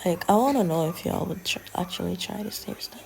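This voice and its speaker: A young woman chatting casually in a soft, often half-whispered drawl as she narrates a hair-braiding tutorial. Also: lowish voice, lively intonation, fast, gravelly. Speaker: hair vlogger.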